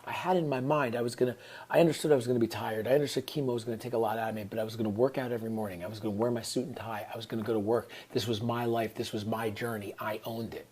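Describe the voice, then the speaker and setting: A man's voice: mid-range voice, steady tone, rapid-fire, darkish tone, slightly rough. A man, telling a personal story in an earnest, reflective way and often dropping into whispered asides. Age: 30s. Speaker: vlogger.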